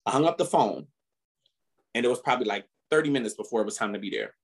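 A man co-hosting a podcast, chatting casually and telling stories animatedly, often laughing and rising in pitch when indignant. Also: quick pace, slightly rough. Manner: animated storytelling with frequent laughter. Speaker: podcast co-host. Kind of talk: casual chat.

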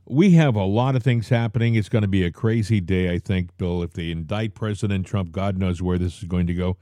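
A man's voice: low voice, brisk, warm tone, no room sound. A man co-hosting a casual political talk show, joking and mocking with frequent chuckles. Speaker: co-host.

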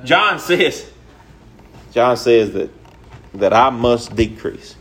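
A man's voice: mid-range voice, lively intonation, takes it slowly, fairly bright tone. A young man preaching a sermon in an earnest, repetitive way, with folksy, casual grammar.

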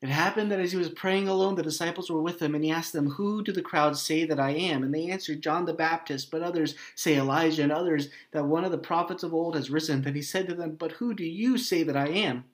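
A man preaching as a pastor, earnest and emotional, pausing often and dropping his voice soft and low. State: grieving, voice heavy with hurt. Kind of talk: sermon and prayer.

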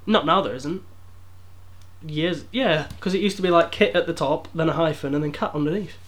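A man's voice: on the high side, moderate pace. A man co-hosting a podcast in casual chat, stubbornly arguing back. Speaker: podcast co-host.

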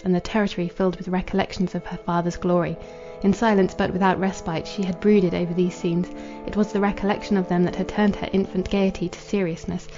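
Flat, mellow woman reading a novel aloud. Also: on the low side. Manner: measured, formal reading. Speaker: audiobook narrator. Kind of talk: scripted literary narration. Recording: dull lo-fi with faint music.

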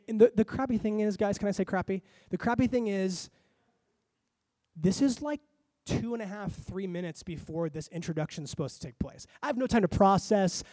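A man pastor preaches in a storytelling way, acting out his own reactions as he goes. His voice sits a little high but has a mellow, warm tone. The sound is close and dry. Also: no room sound. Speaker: lead pastor. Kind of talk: storytelling sermon.

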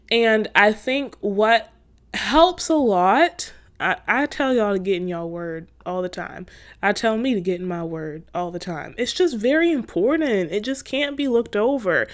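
A young woman talks through a faith-based podcast episode in a casual, chatty way. She is earnest and encouraging, slipping into a gently preachy tone, and her speech is full of "like" fillers. Her voice sits at an ordinary middle pitch. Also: normal speed. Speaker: podcast host.

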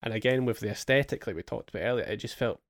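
A young man hosting a casual gaming chat, telling relaxed stories with swearing and bursts of remembered excitement. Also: medium pitch, very fast, dry recording, studio quality. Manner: relaxed storytelling, swears, acts out his past excitement. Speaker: podcast host.

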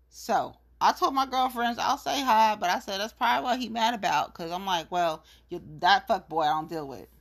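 A woman's voice: mid-range voice, fairly bright tone. A woman in a casual monologue rant, blunt, profane and gossipy, telling her side of a story.

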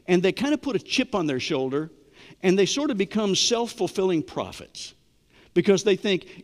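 Conversational middle-aged preacher in a reverberant hall. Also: male voice, high-pitched, animated, a little fast. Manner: conversational preaching, asks the congregation questions. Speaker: pastor. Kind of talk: sermon.

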